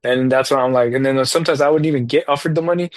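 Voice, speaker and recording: Guy on a podcast rambling thru a story, lots of "like" and "um", slangy, mid-pitched, dead dry sound. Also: racing, no room sound. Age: adult parent. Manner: rambling, loose delivery full of fillers and slang. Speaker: podcast co-host talking soccer video games. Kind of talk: casual storytelling chat.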